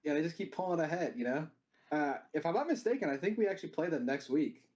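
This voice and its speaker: Male gamer, slightly high voice, laid-back and joking. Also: animated, quick pace, a little mellow. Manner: laid-back and joking, heavy on "you know", swears. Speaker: player being interviewed. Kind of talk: casual post-match interview.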